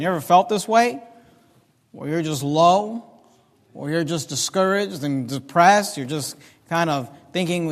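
High-voiced preaching man, echoing hall. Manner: preaching, drawn-out emphatic quoting of scripture. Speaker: pastor. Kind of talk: sermon. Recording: long reverb of a large hall.

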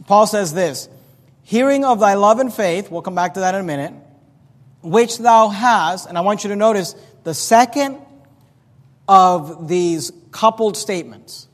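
High-voiced preacher in a reverberant hall. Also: male voice, unhurried. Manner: emphatic preaching with swings in loudness and pitch. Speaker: pastor. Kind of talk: sermon. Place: church sanctuary. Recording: long reverb of a church hall.

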